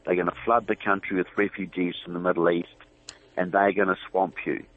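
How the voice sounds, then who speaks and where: A man's voice: sits low, level tone, fairly quick. A man with a New Zealand accent, a guest on political talk radio, talking emphatically and often repeating words as he starts a point. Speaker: guest on the phone. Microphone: phone. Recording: tinny dry phone line.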